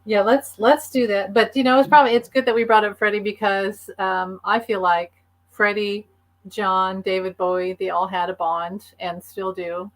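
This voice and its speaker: A woman's voice: medium pitch, little pitch movement, moderate pace, low-quality recording. A middle-aged woman hosting a casual live video-call chat, talking eagerly and chattily. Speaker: host.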